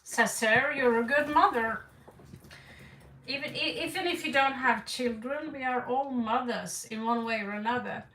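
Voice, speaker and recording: A woman's voice: fairly high pitch, normal speed, pushed and bright, echoey room, recorded from a distance, poor audio. A woman doing an online tarot reading in a rambling, frank way. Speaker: tarot reader.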